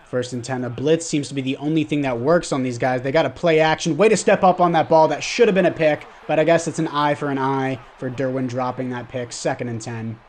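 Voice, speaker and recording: A man's voice: medium pitch, steady tone, brisk, few pauses, slight background noise. A young man giving casual commentary over his football video game, narrating the plays and blaming himself for his mistakes. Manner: frustrated outbursts at mistakes, self-blaming. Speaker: gaming YouTuber.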